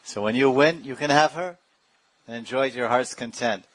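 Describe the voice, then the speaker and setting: A medium-pitched man delivers a brisk sermon as a spiritual teacher; the audio is poor though free of echo. His storytelling is dotted with laughs and playful impressions of other people's speech.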